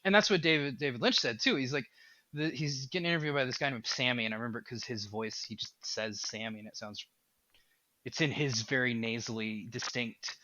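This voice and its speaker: A man who is a game developer, talking as a podcast guest in an animated, rambling way. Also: mid-range voice, a little fast, dry recording, lo-fi sound. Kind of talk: casual podcast chat.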